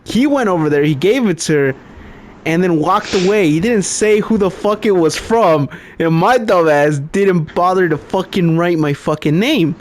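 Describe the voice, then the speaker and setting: A man's voice: high voice, moderate pace, a little hiss or hum. A young man co-hosting a podcast, telling a long story in casual chat, swearing constantly and laughing often. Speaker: podcast co-host.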